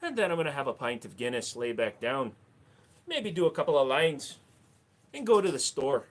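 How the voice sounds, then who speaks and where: Rowdy drunk irish bloke bragging loud, some guy putting it on. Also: mid-range voice, big pitch swings, moderate pace, natural voice. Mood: boozy.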